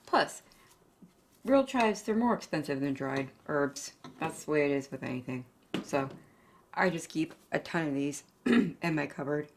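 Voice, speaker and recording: A woman with a low voice hosts a home cooking channel from her kitchen, short of breath and rambling emotionally with lots of fillers, calling viewers "you guys." She's filmed by a tripod camera with the mic at a distance in an echoey room.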